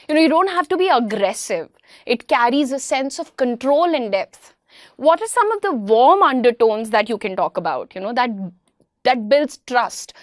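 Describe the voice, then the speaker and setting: High-voiced Indian English teacher, dry sound. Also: female voice, no echo. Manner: frequent "you know", acts out contrasting example phrasings. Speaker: communication skills teacher. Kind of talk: explanatory lesson with spoken examples.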